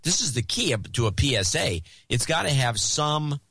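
A man's voice: medium pitch, sing-song, normal speed, bright, forceful tone, breathy edge, dry recording. Dry-sounding man rambling in chat. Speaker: podcast co-host. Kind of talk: casual chat.

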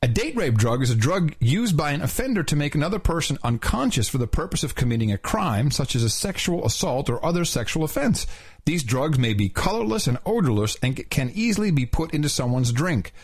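A man's voice: a little fast, husky. A man hosting a casual talk show, reading aloud from a book in a mock-solemn way. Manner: mock-solemn reading with lively pitch swings, breaking into laughs. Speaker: podcast host.

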